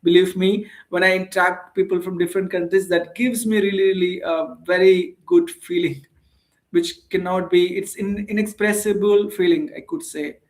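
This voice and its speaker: Earnest high-voiced Indian man teaching English. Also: fairly even intonation, normal speed. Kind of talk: casual spoken English lesson.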